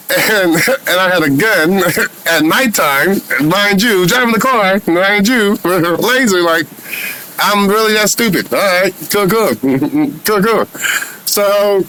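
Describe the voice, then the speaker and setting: A man's voice: sits high, bright, forceful tone, clear, resonant tone, low-quality recording. A man telling a story in casual first person, heated and profane, with frequent restarts and stumbles. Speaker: vlogger recounting an encounter.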